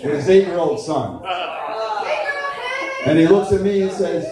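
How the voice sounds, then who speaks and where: A man's voice: high-pitched, unhurried. A man doing crude, rowdy stand-up comedy at a live show. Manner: crude, rowdy joke delivery. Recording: echoey live venue from far off with crowd.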